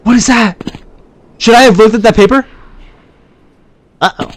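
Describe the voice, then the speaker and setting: A man giving excitable let's-play commentary, yelping and shouting at scares and muttering quietly to himself in between. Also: very high-pitched, a little slow. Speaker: gamer.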